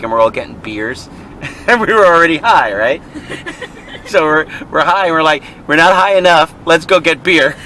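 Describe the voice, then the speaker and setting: A vlog co-host talks casually while driving in traffic, wandering through a story and laughing a lot. His voice sits a little high with a sharp tone, and the recording is rough.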